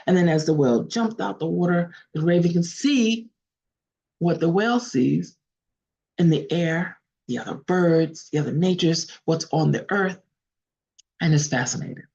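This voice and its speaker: A woman storyteller narrates a folk tale in an unhurried, earnest manner, sometimes stopping to correct herself. Her voice sits low and husky, with a gravelly fry. She is heard over a video call, and the sound is dull and lo-fi. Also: warm tone. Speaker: storyteller, guest speaker. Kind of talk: oral storytelling.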